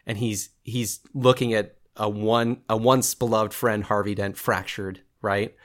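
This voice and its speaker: An enthusiastic man in his thirties chats as a guest on a podcast. His voice sits a little low, and he laughs often as he talks. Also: steady tone, measured pace, fairly bright tone. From Southern California. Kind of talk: casual interview chat.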